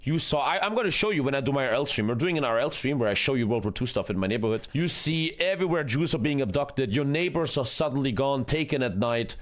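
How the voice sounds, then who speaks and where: A man talks through a war documentary in loose, casual commentary. He swears freely and sounds blunt and earnest, his pitch sitting in an ordinary middle range. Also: lively intonation, quick pace, hardly any pauses. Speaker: streamer reacting to a history video.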